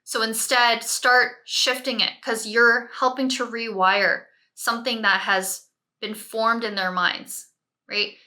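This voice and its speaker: A woman parent coach giving direct, step-by-step advice, often checking in with a quick "right?". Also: on the high side, level tone, sharp tone. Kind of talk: advice talk to camera.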